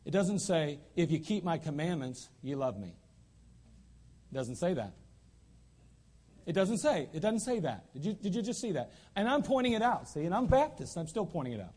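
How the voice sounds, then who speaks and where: A man preaches in a church sanctuary, his voice pitched high for a man. He drives his points home emphatically, repeating lines for stress. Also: big pitch swings, normal speed, a little mellow, husky. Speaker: pastor. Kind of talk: sermon.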